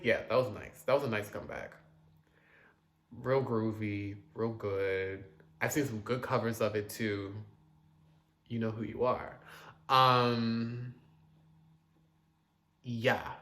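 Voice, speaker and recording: A man casually reviewing new pop releases, chatty and dramatic, with quick asides and loud outbursts. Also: medium pitch, steady tone. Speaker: music reviewer.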